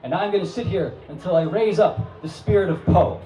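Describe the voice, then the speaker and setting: A man voicing a huge, excitable, mystical man in purple robes who speaks high and insistently. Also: fairly quick, echoey room, recorded from a distance, faint music behind, lightly acted, poor audio.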